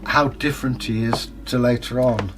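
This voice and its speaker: A man's voice: medium pitch, moderate pace, over music. Rambling man in his sixties. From England. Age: 60s. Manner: rambling, anecdotal, easygoing. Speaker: co-host reading viewer comments. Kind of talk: casual chat.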